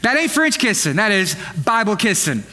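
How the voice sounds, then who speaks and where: A young male pastor delivering a comedic sermon, his voice pitched very high and bright. He jokes and teases the congregation with animated, playful asides, speaking in a church sanctuary before a live audience. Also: moderate pace.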